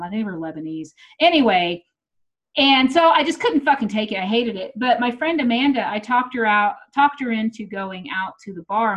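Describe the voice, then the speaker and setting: A middle-aged woman tells stories in a loose, casual chat, blunt and freely profane. Her voice comes through slightly dull and lo-fi. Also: medium pitch. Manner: blunt, swearing storyteller. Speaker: comedian.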